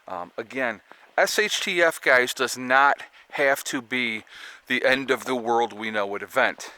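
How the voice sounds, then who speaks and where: A man's voice: medium pitch, unhurried, bright, forceful tone, clean tone. A man vlogging about prepping in a rambling, chatty way, with sarcastic asides, outdoors at home. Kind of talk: casual chat to camera.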